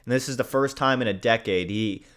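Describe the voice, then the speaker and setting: A man talks through his fight predictions in a loose, unscripted way. He is blunt and swears freely, and he jokes about his own slips. His voice sits at an everyday middle pitch. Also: brisk, a bit bright. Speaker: host giving fight predictions. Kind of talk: casual commentary.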